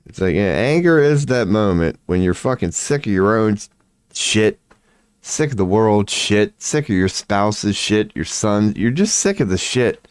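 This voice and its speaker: A man's voice: fairly low pitch, animated, a little slow, clear, resonant tone, dry recording, clean studio sound. A tired man rambling indoors at home in a late-night vlog, profane, slangy and laughing at himself. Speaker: vlogger.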